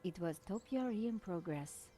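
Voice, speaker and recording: A woman's voice: fairly low pitch, expressive, normal speed, dark tone, slight background noise, close to an everyday voice. An actress voicing a poised young French woman investigator, direct and polite, with a French accent.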